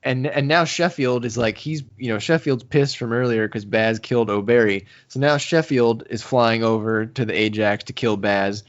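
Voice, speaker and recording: Male co-host, mid pitch, casual animated recap, slightly dull lo-fi mic. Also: moderate pace, hardly any pauses. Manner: animated recapping with acted-out quotes and laughs. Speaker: podcast co-host. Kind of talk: casual podcast chat.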